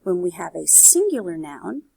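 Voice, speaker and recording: A woman teaching Spanish in a recorded video lesson. Her voice has a gravelly, husky grain, and the recording is close and dry. She explains step by step and keeps checking in with her students. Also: on the low side, very animated, normal speed, mellow, dry recording.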